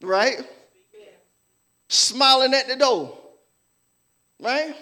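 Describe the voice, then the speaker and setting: A male pastor delivers a lively sermon, his voice sitting unusually high. His pitch leaps around as he acts out church folks' voices and jokes with the congregation. Animated and playful, he keeps the room laughing. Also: moderate pace.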